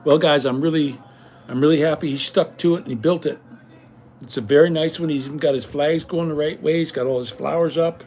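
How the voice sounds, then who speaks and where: A man's voice: a little high, fairly even intonation, a little fast, a little mellow. A middle-aged man talking casually at home in a vlog, indignant and rambling. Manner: indignant, ranting. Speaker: vlogger.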